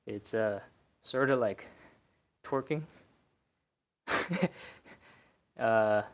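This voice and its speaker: Casual man coaching a stretch session. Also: lowish voice. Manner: casual, encouraging coaching with counted holds. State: out of breath. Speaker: stretching instructor. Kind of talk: live-streamed workout instruction.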